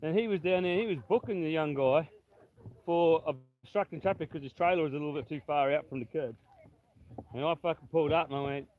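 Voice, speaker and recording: Aussie bloke ranting, swears a lot, bit high voice, sounds like over a phone. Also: male voice, quick pace. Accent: Australian. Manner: swearing storyteller, blunt. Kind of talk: casual chat. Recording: tinny phone-like audio with faint noise.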